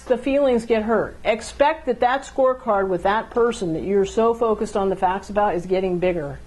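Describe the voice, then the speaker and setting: A woman's voice: a little high, darkish tone, poor audio. A woman giving a conversational talk on how couples communicate, now and then acting out both partners in an argument. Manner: conversational, acts out quick role-play exchanges. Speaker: relationship speaker.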